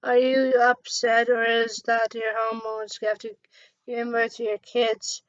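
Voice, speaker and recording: A teasing, sisterly adult heroine, read out haltingly by a woman in her own voice. The reading is slow and flat, a little high. The recording sounds dull and dry. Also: smooth, no echo, natural voice.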